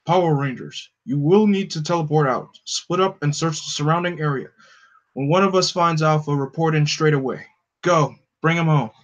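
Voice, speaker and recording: A man voicing a wise, ancient male mentor being, giving slow, solemn commands. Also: fairly high pitch, highs cut off, lightly acted. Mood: grave.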